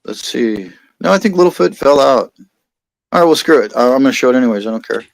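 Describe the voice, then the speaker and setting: A man's voice: mid-range voice, lively intonation, quick pace, creaky, no room sound. An American man hosts a casual livestream and rambles through his thoughts. He reads viewer comments aloud as he goes, and his voice sits dry and close with almost no room around it. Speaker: livestream host.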